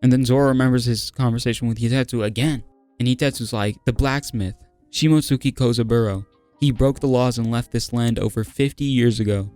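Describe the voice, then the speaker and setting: A man's voice: mid-range voice, steady tone, a little fast, darkish tone, dry recording, soft background music. A young man recapping a manga chapter in casual, slang-heavy talk, hyped and laughing often, saying "bro" constantly. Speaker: manga review host.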